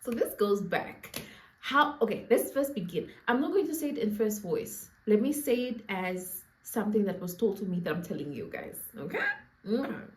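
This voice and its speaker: A young woman with a Namibian accent tells her viewers a playful storytime, laughing and tossing in asides to the audience. She's a storyteller vlogger with a medium-pitched, darkish voice that swings widely in pitch at a normal speed. The room is echoey.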